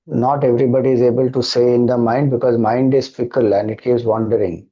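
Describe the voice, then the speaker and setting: Slow, measured Indian man teaching. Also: medium pitch, fairly even intonation, dull audio. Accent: Indian English. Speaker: spiritual teacher. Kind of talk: devotional talk and Q&A.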